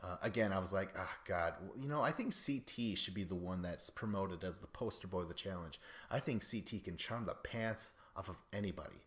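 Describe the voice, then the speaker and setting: A man hosting a podcast, rambling casually about reality show contestants with lots of swearing and excitable asides. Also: sits low, fairly quick, few pauses. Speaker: podcast host.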